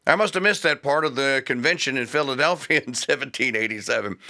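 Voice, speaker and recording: Fired-up gravelly talk radio man. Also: medium pitch, fast talker, sharp tone. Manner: fired-up, sarcastic, laughs at his own points. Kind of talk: opinionated talk radio commentary.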